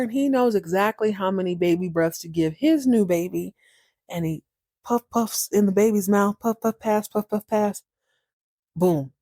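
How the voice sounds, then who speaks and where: A woman hosting a podcast, recapping a TV episode in a chatty, animated way and repeating words for emphasis. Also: medium pitch, no room sound, clean studio sound. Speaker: podcast host. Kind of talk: casual TV recap.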